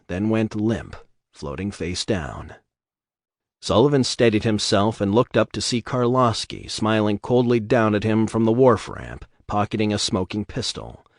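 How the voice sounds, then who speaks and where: Man reading a story out loud, steady pace, low voice, dry room sound. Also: no echo. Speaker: narrator. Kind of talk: audiobook narration.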